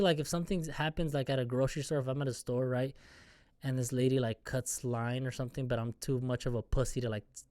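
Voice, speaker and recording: A man's voice: a little high, no room sound, clean studio sound. A man hosting a solo podcast, venting in a rambling, profane, self-mocking casual rant. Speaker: podcast host.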